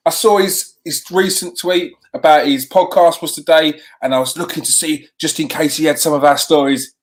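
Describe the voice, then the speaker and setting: A man's voice: on the high side, moderate pace, hardly any pauses. A man hosting a live show, chatting with viewers and repeating himself as he goes. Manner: lively, talks to the chat, repeats himself. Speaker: host.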